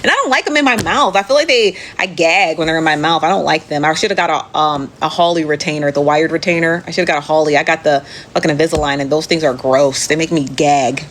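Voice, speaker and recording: Low-voiced woman, chatty and profane. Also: fast talker, few pauses, slight background noise. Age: adult. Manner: chatty, profane, laughs often, talks straight to viewers as "friend". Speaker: live show host reading viewer comments. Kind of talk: casual chat.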